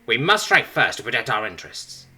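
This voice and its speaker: A man's voice: mid-range voice, very animated, fairly quick, bright, forceful tone. A man voicing a haughty, imperious female alien ambassador with eight eyes, speaking with contempt. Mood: demanding. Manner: haughty, indignant.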